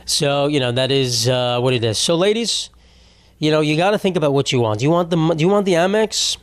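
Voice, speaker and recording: A man's voice: fairly high pitch, animated, a little fast, no room sound. A young man hosting a podcast, delivering a rambling, profane comedic monologue that keeps cutting itself off mid-thought. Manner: profane, rambling, self-interrupting. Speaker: podcast host.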